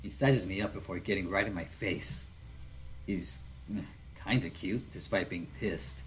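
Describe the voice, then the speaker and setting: A man with a fairly low voice reads a visual novel aloud as its narrator. He keeps up casual asides and small chuckles between passages, with faint background noise under the recording. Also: unhurried, low-quality recording. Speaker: visual novel let's player.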